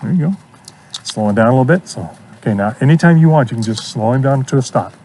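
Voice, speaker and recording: A man's voice: mid-range voice, lively intonation, quick pace, warm tone. Man, horse trainer, encouraging, repetitive praise, outdoor pen, faint ambient noise. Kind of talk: hands-on coaching.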